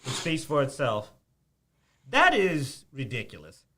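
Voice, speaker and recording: A man co-hosting a casual chat show about games, ranting in an animated way and laughing often. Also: mid-range voice, measured pace. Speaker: podcast co-host.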